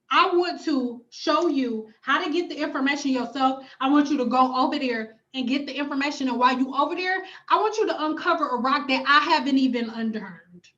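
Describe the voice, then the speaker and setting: Brief: high-pitched woman, blunt profane livestream rant, slightly dull lo-fi audio. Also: fairly bright tone. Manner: blunt, emphatic, profane, repeats phrases for emphasis. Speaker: hair care YouTuber and cosmetologist.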